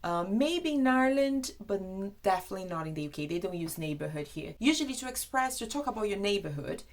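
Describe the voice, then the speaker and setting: A young Brazilian woman whose first language is Portuguese, teaching British expressions in a chatty, animated video lesson. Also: medium pitch, quick pace. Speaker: English teacher.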